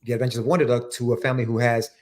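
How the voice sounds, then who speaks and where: A man's voice: medium pitch, level tone, racing. A man hosting a casual podcast, laid-back, laughing often and reading viewer comments aloud. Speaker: podcast host.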